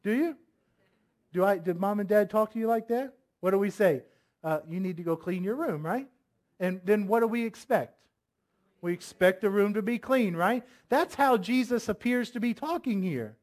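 A man's voice: high voice, normal speed, a little mellow. A man preaching a sermon, reading scripture aloud, firmly voicing commands and asking the congregation many questions. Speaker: pastor.

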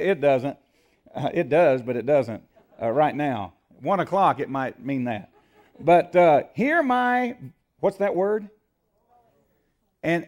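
High-voiced preacher swelling to loud peaks. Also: male voice. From United States. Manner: emphatic, rising to loud peaks on scripture quotes; asks the congregation to fill in words. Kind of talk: sermon.

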